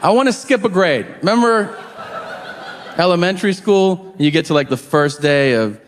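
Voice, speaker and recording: A man doing profane, animated stand-up comedy, acting out quotes as he tells his stories. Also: high voice, moderate pace.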